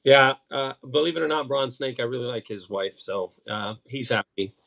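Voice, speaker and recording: A middle-aged man, chatting casually as co-host, halting with many fillers and restarts. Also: mid-range voice, creaky, lo-fi sound, a crowd in the background. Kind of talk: casual chat.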